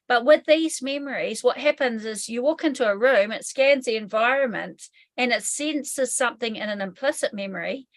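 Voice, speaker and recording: A woman's voice: fairly high pitch, moderate pace, hardly any pauses. A woman with a New Zealand accent, a hypnotherapy trainer explaining trauma in an interview, candid and casual, swearing freely. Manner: candid, swears casually, acts out inner voices.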